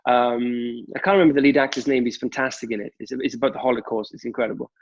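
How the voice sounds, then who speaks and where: A man's voice: mid-range voice, fairly even intonation, fast, dull audio. A Welsh man, a guest TV presenter, chatting casually with many fillers and restarts. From Wales. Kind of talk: casual chat. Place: at home during lockdown.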